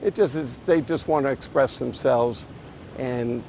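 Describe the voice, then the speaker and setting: Hotel owner guy talking slow and careful, little pauses, faint outdoor noise. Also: mid-range voice, vocal fry, dark tone. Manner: thoughtful, hesitant. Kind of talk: interview soundbite.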